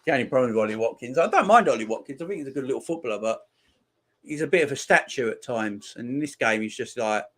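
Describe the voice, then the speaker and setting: A man's voice: expressive, fast talker. Chatty man hosting a live football watchalong. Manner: chatty, reads and answers viewer comments; reacts loudly to chances on the pitch. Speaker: watchalong host. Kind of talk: live match watchalong commentary.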